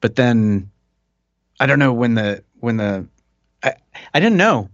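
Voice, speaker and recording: A man talking as a guest on a podcast, speaking animatedly from home into a desk microphone. His pitch is mid-range, and the sound is dry and close. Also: a little slow, dry recording, lo-fi sound. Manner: animated, gestures while talking. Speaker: musician guest. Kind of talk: casual interview chat.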